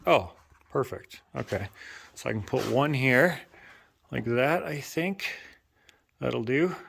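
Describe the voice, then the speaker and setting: A man's voice: mid-range voice, expressive, takes it slowly, creaky, fairly bright tone, slight background noise. A man vlogging casually in his woodworking shop, rambling with lots of fillers and self-deprecating asides.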